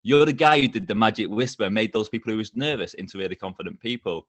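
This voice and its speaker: Man, lowish voice, dry close sound, energetic storyteller. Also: quick pace, dry recording. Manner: energetic, animated, laughs often. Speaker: podcast guest. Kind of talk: casual storytelling interview.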